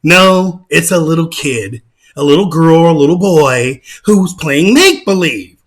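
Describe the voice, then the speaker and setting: A man giving a mocking, emphatic rant as reaction commentary on his channel, often bursting into shouts. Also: fairly high pitch, animated, a little slow. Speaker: channel host.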